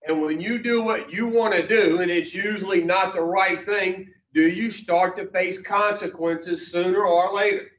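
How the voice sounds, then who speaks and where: A man's voice: high voice, fairly even intonation, unhurried, few pauses, fairly bright tone. A man, teaching a recovery class in a blunt, folksy way with mild swearing. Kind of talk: plain-spoken class talk. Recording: echoey, distant, dull room recording.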